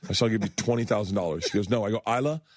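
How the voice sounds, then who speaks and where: A man in his fifties, a comedian telling animated stories on a radio show and acting out the other people in them. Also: on the low side, rapid-fire, no room sound. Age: 50s. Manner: animated storyteller, acts out voices and laughs a lot. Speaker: guest comedian. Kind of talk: storytelling in casual chat. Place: radio studio.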